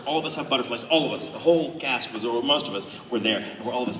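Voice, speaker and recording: A man, a voice actor on a convention panel, telling a casual story to a live audience, animated and laughing often. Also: mid-range voice, very fast, few pauses. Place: large convention hall. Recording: echoey hall, distant noisy mic.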